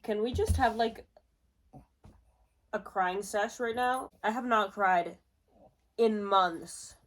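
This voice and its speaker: A woman's voice: medium pitch, slow pace. Swearing, emotional young woman vlogger. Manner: emotional, swearing, swings between loud outbursts and muttering. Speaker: book vlogger. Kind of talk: casual reading vlog reaction.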